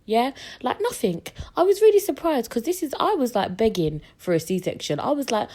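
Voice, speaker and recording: A woman's voice: a little high, moderate pace, hardly any pauses. A young woman, hosting a podcast and telling stories in a casual way, acting out the voices of the people she quotes. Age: young adult. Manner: animated, acts out quoted voices. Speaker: podcast host. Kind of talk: casual storytelling.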